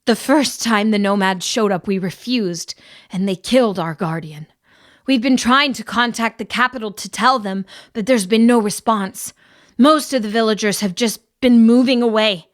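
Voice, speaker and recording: A woman's voice: medium pitch, normal speed, natural voice. Woman narrator doing a worried villager, grim and warning.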